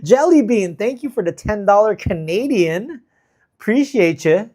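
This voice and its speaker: With a high-sitting voice, lively intonation, and a measured pace, a man runs a travel livestream. He chats casually, reads comments from viewers, and gives shout-outs, relaxed and full of fillers.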